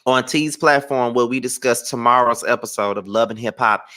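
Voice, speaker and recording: Theatrical and animated, this male host dramatizes celebrity gossip on a casual show, speaking in a mid-range voice at a moderate pace.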